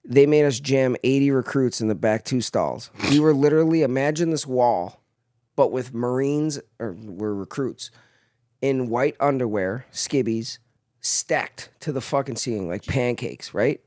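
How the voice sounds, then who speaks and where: A young man, a former Marine, casually telling profane stories on a podcast in an animated way. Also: mid-range voice, a little slow, dry recording, clean studio sound. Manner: profane storytelling, animated in anecdotes. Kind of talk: casual chat.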